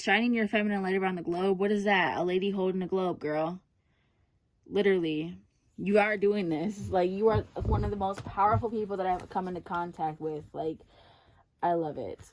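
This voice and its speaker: A woman giving a casual personal tarot reading, chatty and effusive, often calling her listener "girl". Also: mid-range voice. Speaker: tarot card reader.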